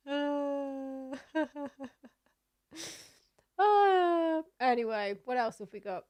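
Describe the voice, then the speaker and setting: A young woman streaming, chatting casually while reacting to videos, laughing often and letting out loud disgusted exclamations. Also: sits high, drawn-out words.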